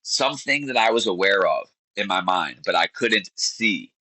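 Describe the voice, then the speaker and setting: A man's voice: lowish voice, animated, normal speed, sharp tone, no echo, poor audio. A man in his thirties, a podcast guest, telling a personal story earnestly and searching for words. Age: 30s. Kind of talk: candid interview storytelling.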